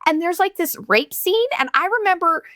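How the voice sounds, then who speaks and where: A woman's voice: extremely high pitch, animated, normal speed, sharp tone, no room sound, clean studio sound. A woman in her thirties hosting a podcast, ranting in a candid, profane, sarcastic and rambling way. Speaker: podcast host. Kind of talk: casual solo podcast rant.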